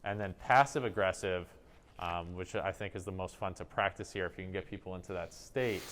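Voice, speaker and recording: A man explaining social-emotional improv exercises in a conversational way, pausing to demonstrate tones of voice. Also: sits low, a bit bright, a little hiss or hum. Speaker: improv workshop instructor.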